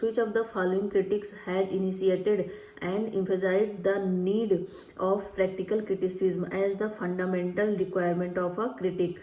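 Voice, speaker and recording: A woman teacher reading exam questions and options aloud in a prep lecture, then repeating each answer slowly. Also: mid-range voice, mellow, echoey room, rough recording.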